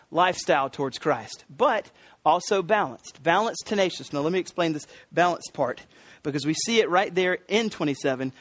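A middle-aged American pastor with a high voice preaches earnestly in a recording with no echo. He stresses and repeats key words, with frequent ums and restarts.

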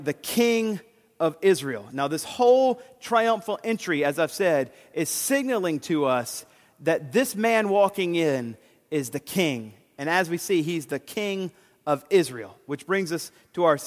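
High-voiced preacher in a reverberant hall. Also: male voice. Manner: builds from hushed to fervent, shouting with excitement; reads scripture slowly and deliberately. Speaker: pastor. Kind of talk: sermon.

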